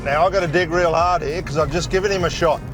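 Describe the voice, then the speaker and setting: Cheeky Australian man, fairly high voice. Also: fairly even intonation, fast, music in the background. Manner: cheeky, teasing, short quips. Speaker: motorsport show co-host. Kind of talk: casual chat and in-car banter.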